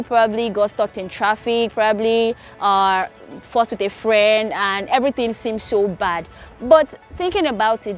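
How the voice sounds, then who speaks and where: A young woman from Nigeria teaching Korean grammar in a casual, patient way, repeating key points slowly. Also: mid-range voice. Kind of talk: casual explanatory lesson.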